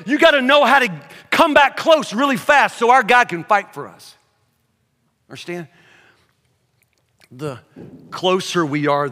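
High-voiced pastor preaching in a church. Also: male voice, long reverb tail. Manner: folksy, repeats words, says y'all; drops to a low, quiet voice for emphasis. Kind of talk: sermon. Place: church hall.

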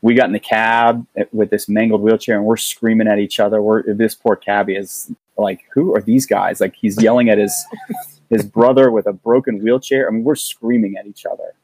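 A man with a somewhat low voice tells a personal story with earnest, halting delivery, often restarting his sentences mid-thought. The sound is dry and close, with no room echo around it. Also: flat delivery, a little mellow. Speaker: guest. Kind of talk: casual storytelling.

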